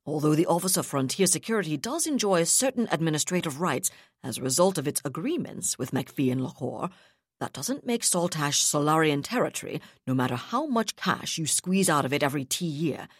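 Woman reading as a calm, steely naval captain. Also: sits low, slightly rough, no echo, studio quality, full character voice. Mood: resolute. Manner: calm, firm, measured.

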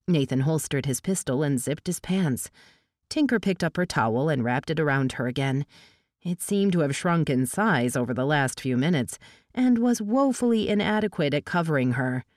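A woman reading a novel aloud as an audiobook narrator, giving the dialogue a lift in pitch. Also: animated, moderate pace, darkish tone, dry recording, studio quality.

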